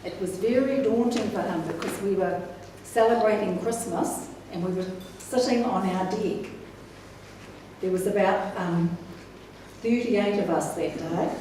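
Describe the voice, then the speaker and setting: A woman's voice: medium pitch, slight background noise. A woman giving a wedding speech about the couple, telling stories and laughing along. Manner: warm, measured storytelling with laughs. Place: wedding reception hall. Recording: echoey hall, distant mic.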